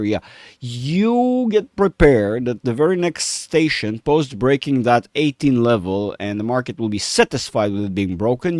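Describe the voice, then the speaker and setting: A man's voice: medium pitch, darkish tone, no room sound, clean studio sound. A man hosting a casual chart analysis, rambling and profane, humming while he thinks. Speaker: market analyst host.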